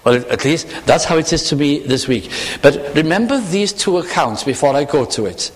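A male preacher giving a sermon, speaking in a searching, animated way and putting questions to the congregation. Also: a little high, normal speed, big-room sound.

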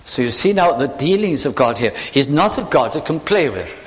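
A man preaching a sermon, earnestly reading scripture aloud slowly and with weight. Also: fairly high pitch, big pitch swings.

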